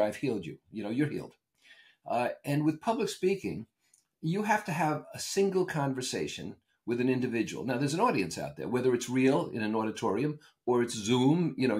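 An older man, a consultant and author, talks as a podcast guest. His voice moves through a wide range as he tells anecdotes and argues his points. He is emphatic and sure of himself. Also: mid-range voice. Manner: animated storyteller, emphatic and opinionated. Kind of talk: conversational interview answers.

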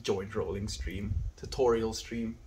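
A man's voice: on the low side, flat delivery, unhurried, noisy background. A man from South Africa with an Afrikaans first language, streaming outdoors and reading live chat aloud in a laid-back way, calling everyone his friend. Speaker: livestreamer. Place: outdoors on a windy day.

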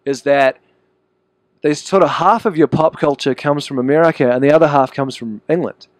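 A young man with a New Zealand accent talks in a relaxed, easygoing way as a musician giving an interview. His voice sits a little high for a man. The sound is close and dry, with no room echo. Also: moderate pace. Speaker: band musician, interview guest. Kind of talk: casual interview chat.

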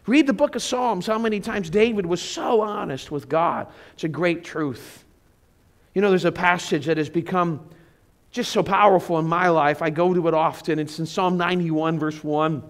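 A man's voice: sits high, moderate pace. A middle-aged man, a pastor, preaching a sermon in a church, talking conversationally with stories and rhetorical questions. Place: church sanctuary.

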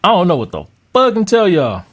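A man's voice: sits high, wildly swooping pitch, brisk. A man ranting on a live stream to his chat as a music producer, heated, mocking and profane.

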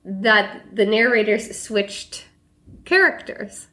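A woman's voice: mid-range voice, expressive, takes it slowly, a bit bright. Giggly, thoughtful woman podcast co-host. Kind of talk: casual book chat.

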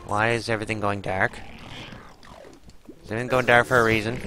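A man's voice: fairly low pitch, fairly even intonation, fast talker, long pauses, sharp tone, faint music behind, rough recording. A man giving live gameplay commentary, exclaiming, groaning and swearing as he fights a boss. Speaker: gaming channel host.

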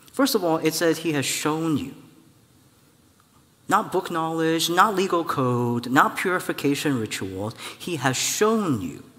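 A man preaching a sermon as a church elder, telling a personal story in a lively way and acting out the voices of the people in it. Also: fairly high pitch. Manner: animated storytelling, acts out voices, laughs at own story. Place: church hall. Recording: church hall with long reverb.

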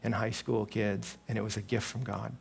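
A man's voice: moderate pace, creaky, husky. A man, preaching a sermon to a live audience and telling stories animatedly, acting out the voices of the people in them. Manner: animated storytelling, acting out quoted voices with big pitch jumps.

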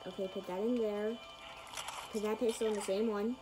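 A woman's voice: mid-range voice, steady tone, moderate pace, over music, low-quality recording. A woman giving casual gameplay commentary, rambling to her viewers with lots of fillers and murmuring to herself as she builds. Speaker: gaming channel host.

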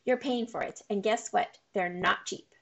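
A gruff, tightfisted middle-aged man barks his words loudly and hurls insults, as a woman reading a children's book aloud puts him on. The voice has a heavy gravelly grain throughout. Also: mid-range voice, normal speed, natural voice. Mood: angry, barking. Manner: barking, insulting, annoyed. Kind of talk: read-aloud of a children's novel.

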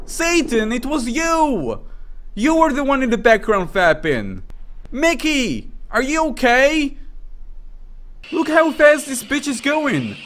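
A young man streaming a game, commenting loudly with crude jokes and sudden yells. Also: extremely high pitch, slow pace, a little hiss or hum. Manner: excitable, yelling and crude joking. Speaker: gaming streamer.

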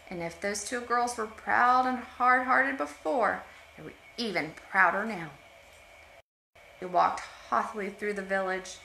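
Bright-voiced woman reading a storybook aloud. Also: mid-range voice, unhurried, creaky, slight background noise. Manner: expressive, with asides about the pictures. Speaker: storytime reader. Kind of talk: reading a picture book aloud to children. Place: at home. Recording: roomy home echo.

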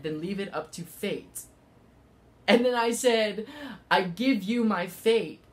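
A man giving a casual spiritual talk, rambling with many fillers and halting restarts. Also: fairly high pitch. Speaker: spiritual vlogger.

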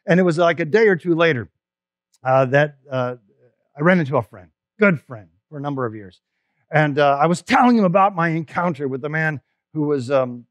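A man's voice: on the high side, no echo. A male pastor preaching an Easter sermon in a conversational storytelling way. He is emphatic and often restarts his phrases.

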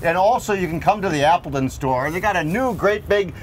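Upbeat folksy man pitching. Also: lively intonation, a little fast, slight background noise. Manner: chatty salesman, laughs easily. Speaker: host. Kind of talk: folksy promotional chat. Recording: music bed underneath.

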